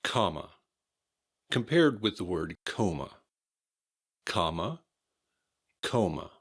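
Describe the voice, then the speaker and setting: Man, american accent, pronunciation teacher, deliberate, spells words out, very slow, low voice. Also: sing-song, a bit bright, slightly rough. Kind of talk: slow instructional drilling.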